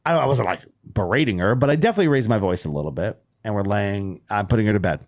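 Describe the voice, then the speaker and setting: A man's voice: lowish voice, lively intonation, fast talker. Candid middle-aged man telling a story. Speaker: podcast guest, comedian. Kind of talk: casual podcast chat.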